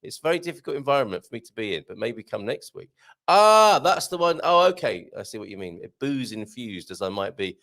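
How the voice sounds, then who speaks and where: A middle-aged man with a slightly croaky throat hosts a live show in casual, jokey chat, reading out viewer comments and chuckling at himself. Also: mid-range voice, very animated, a little fast, fairly bright tone. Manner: jokey, chatty, self-mocking, frequent chuckles. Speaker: livestream host.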